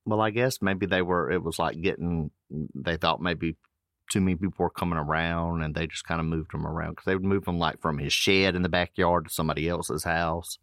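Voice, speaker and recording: A man's voice: sits low, fairly even intonation, a little fast, a bit bright, no echo, clean studio sound. A man hosting a podcast, reading case notes aloud with loose casual asides. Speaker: podcast host.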